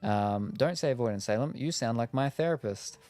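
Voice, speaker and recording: A man's voice: mid-range voice, lively intonation, brisk, darkish tone, no echo, soft background music. An Australian man chatting casually while playing a game, rambling with lots of fillers and jokes. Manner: rambling, lots of ums, jokey. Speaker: gaming streamer. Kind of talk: casual chat while gaming.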